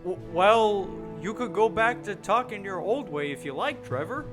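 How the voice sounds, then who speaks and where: Guy voicing a bumbling mayor, stammery, lively up and down, music behind. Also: high-pitched, normal speed. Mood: flustered. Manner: flustered, stammering. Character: bumbling small-town male mayor. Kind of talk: amateur fan dub.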